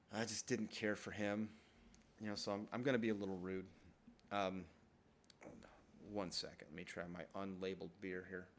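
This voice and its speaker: Man in his thirties, rambling storyteller, swears a lot, self-deprecating, lowish voice. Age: 30s. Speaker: podcast host telling childhood stories. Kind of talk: casual storytelling monologue.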